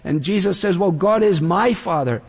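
Preacher man with a high-ish voice. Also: animated, slightly rough, in a large hall. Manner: earnest expository preaching, slowing for quoted lines. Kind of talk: sermon.

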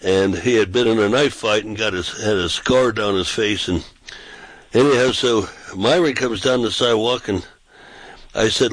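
A pastor and street preacher with a fairly low, slightly bright voice tells casual stories at normal speed on a talk show, raising his voice to act out quotes. The recording is dry and the audio poor.

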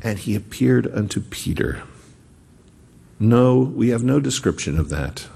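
A man preaching a sermon as pastor, slow and conversational, often pausing and wandering off on asides. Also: medium pitch, expressive, creaky, dark tone, husky. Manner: conversational, digressive, slow and deliberate. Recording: echoey hall reverb.

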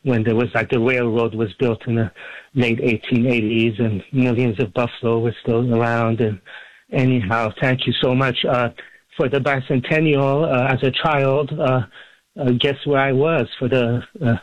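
A man's voice: mid-range voice, steady tone, moderate pace, no echo. A man from Iran calling into a radio show, rambling hesitantly with many fillers, heard over a muffled phone line. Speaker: caller.

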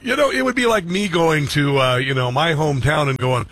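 A man hosting a talk radio show, talking loosely with many fillers and bursts of laughter. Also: fairly high pitch. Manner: loud, laughing, quick asides, many fillers. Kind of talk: conservative talk radio chat.

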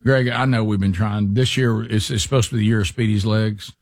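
A man's voice: fairly low pitch, fairly quick, no echo. Dry-voiced man telling a story. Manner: animated storyteller, acts out quotes, teasing. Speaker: radio show host. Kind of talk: casual storytelling banter.

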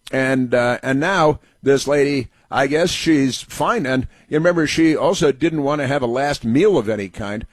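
A man hosting a talk show, delivering a sarcastic political commentary monologue, halting often with fillers and restarts. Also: mid-range voice, no room sound.

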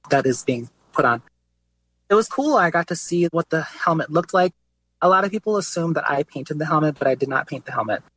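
A man's voice: medium pitch, no echo. A young man, an artist, telling his story casually in an interview, with lots of "like" and "you know". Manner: relaxed, conversational, many fillers like "like" and "you know". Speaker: guest artist.

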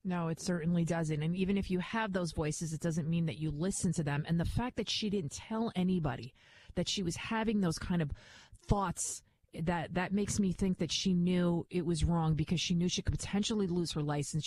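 A woman's voice: lowish voice, moderate pace, a little mellow, low-quality recording. A woman hosting a call-in radio show, speaking firmly and assuredly. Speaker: radio talk host.

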